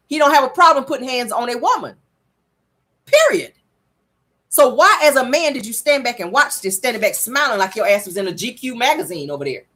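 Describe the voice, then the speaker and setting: A woman's voice: a little high, a bit bright. A woman hosting a casual reality TV recap, telling the story to viewers and calling them y'all.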